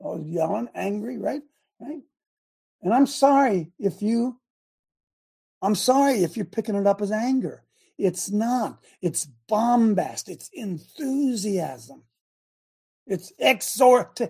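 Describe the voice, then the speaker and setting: Husky, fired-up woman talk show host. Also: mid-range voice, lively intonation, slow. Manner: emphatic, rambling, self-interrupting, bursts into shouting. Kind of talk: animated talk show monologue.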